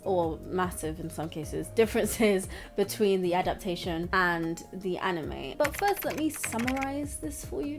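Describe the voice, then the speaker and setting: A woman's voice: fairly high pitch, darkish tone. A young woman talking casually and rambling, giggling between her points as she reviews a show. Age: young adult. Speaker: anime reviewer, channel host. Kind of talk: casual commentary vlog.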